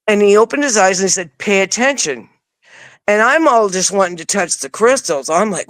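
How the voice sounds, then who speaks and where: A woman guest recounts a personal experience in plain, casual speech, slipping into lively re-enactments of what she said at the time. Her voice sits at a middling pitch, and the sound is dry and close. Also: normal speed, no room sound. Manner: animated, acts out her own past words; casual, informal wording. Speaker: interview guest. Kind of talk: personal storytelling.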